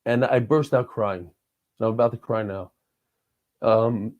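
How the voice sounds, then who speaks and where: A man's voice: mid-range voice, takes it slowly, long pauses, dull audio. A man in his forties, a podcast guest, telling stories in a rambling, heartfelt way with frequent restarts. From New York and Israel. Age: 40s. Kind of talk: casual conversation.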